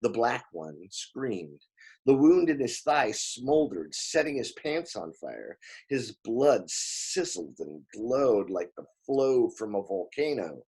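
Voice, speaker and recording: Husky, lively male book reader. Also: medium pitch, slow pace. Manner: lively, expressive first-person narration with small slips and laughs. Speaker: audiobook reader. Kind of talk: reading a novel aloud.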